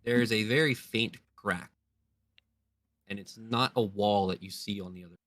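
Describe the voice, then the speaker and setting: A man running a tabletop game, describing scenes in a relaxed, loose way with many fillers. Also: lowish voice, moderate pace, dry recording, clean studio sound. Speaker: game master.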